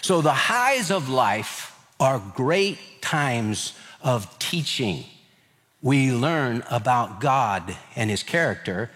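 A male pastor preaching a sermon, lively and expressive, acting out the voices of people in scripture. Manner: animated, acts out scripture voices with rising pitch. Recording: long hall reverb.

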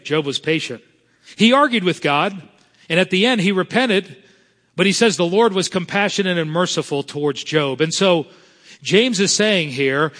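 Earnest pastor preaching in a reverberant hall. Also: male voice, fairly high pitch, fairly bright tone. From South Florida. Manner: earnest preaching, slows to stress scripture. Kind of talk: sermon.

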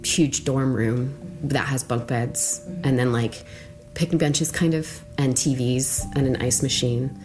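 A middle-aged woman recounting a personal ordeal in a casual, halting way, full of "like" fillers. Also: a bass voice, steady tone, a little mellow, faint music behind. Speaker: interviewee recounting her arrest. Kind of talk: personal storytelling in a documentary podcast.

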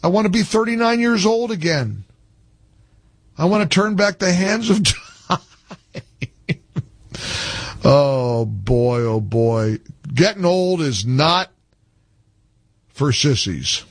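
A middle-aged man hosting call-in talk radio, animated, jokey and easily exasperated. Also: on the high side, slow, pauses often, dry recording. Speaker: radio talk show host.

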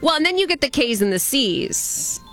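A woman's voice: high voice, sing-song, normal speed, a bit bright, faint music behind. A woman hosting a chatty radio news segment, joking and laughing at her own jokes. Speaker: radio host. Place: radio studio.

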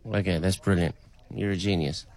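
A man's voice: low-pitched, fairly even intonation, moderate pace, a little mellow, no echo. Man, caller probing an AI agent, casual and teasing, dry close sound. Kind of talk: casual playful questioning.

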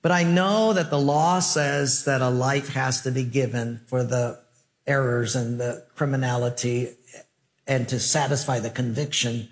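A male preacher giving a sermon, animated and joking as he acts out the dialogue of his stories. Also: mid-range voice, measured pace. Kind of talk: sermon with storytelling.

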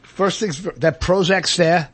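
Husky, sardonic male guest. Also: high voice, unhurried. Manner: sardonic, blunt put-downs. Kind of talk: casual talk show banter.

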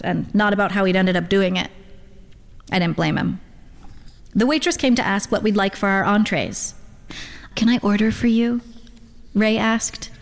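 A woman reading a literary first-person story aloud in a measured, wry storytelling manner. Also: mid-range voice. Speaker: narrator. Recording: long hall reverb.

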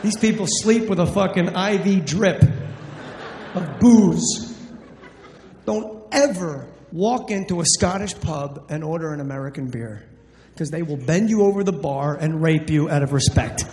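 A man's voice: a little high, a little slow, darkish tone, slight background noise. A brash, profane male stand-up comedian from New Jersey telling a story. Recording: echoey live hall.

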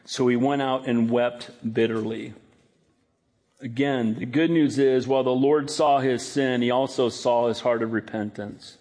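A man preaching a sermon, animated, acting out scripture quotes in a raised voice. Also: medium pitch, unhurried. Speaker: pastor.

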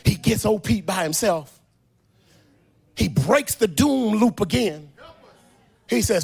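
A man preaching a sermon who tells scripture stories in casual slang and builds to a sung, shouted climax. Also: slow pace, vocal fry, pauses often, slightly rough. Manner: animated, drops low and quiet for storytelling, then rises to a sung, shouted climax.

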